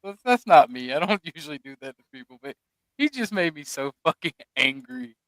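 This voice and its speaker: A man's voice: a little high, sing-song, a little fast, fairly bright tone, dry recording, rough recording. A man in casual livestream chat, blunt and sheepish, laughing while he confesses.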